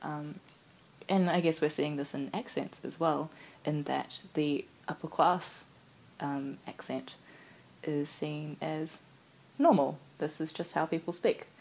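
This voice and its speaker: Low-voiced reflective woman from New Zealand. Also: fairly even intonation, a little slow, a little mellow. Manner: thoughtful, reflective, with fillers. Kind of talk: casual conversation.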